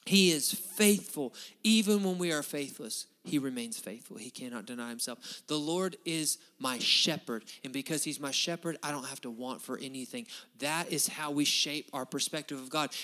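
A man preaching a sermon in a folksy, animated way, tossing in "right?" asides. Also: on the high side. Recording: hall reverb.

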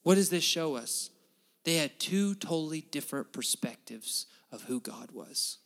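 A man preaching a sermon in a folksy, animated way, tossing in "right?" asides. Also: a little high, measured pace. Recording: hall reverb.

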